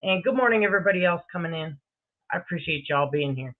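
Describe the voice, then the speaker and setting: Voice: mid-range voice, lively intonation, quick pace. A livestream host chatting casually and profanely, greeting viewers by name. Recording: tinny phone-like audio.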